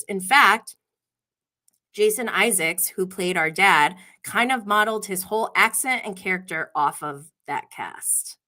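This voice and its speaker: A woman's voice: medium pitch, bright, forceful tone. A woman hosting a podcast livestream, chatting casually and gossiping, laughing often as she tells stories. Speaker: podcast host.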